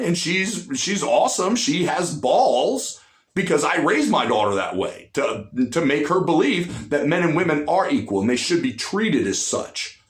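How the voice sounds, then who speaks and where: Man, political rant, blunt, cursing, fairly high voice, roomy echo. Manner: blunt, profane and emphatic, repeats for punch. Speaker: political commentary host. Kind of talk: ranting political commentary.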